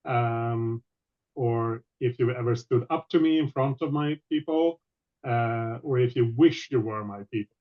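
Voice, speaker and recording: Guy in a tabletop game, halting, keeps restarting his sentences, muffled lo-fi mic. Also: mid-range voice. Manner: halting, self-correcting. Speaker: player.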